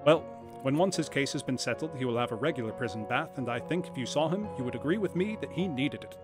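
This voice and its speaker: A man voicing a hearty, blunt male police inspector who speaks loudly and matter-of-factly. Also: medium pitch, expressive, quick pace, over music, lightly acted. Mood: bluff. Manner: loud, bluff, matter-of-fact.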